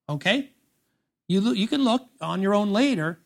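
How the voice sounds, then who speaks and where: A pastor preaches a sermon during a church service, speaking with emphasis and slowing down when he reads scripture aloud. He also tosses conversational asides to the congregation, and his voice is high-pitched with a fairly bright tone.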